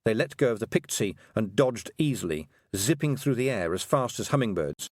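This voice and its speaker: A man narrating an audiobook with expressive storytelling. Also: lowish voice, normal speed, no echo, clean studio sound. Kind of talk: scripted narration.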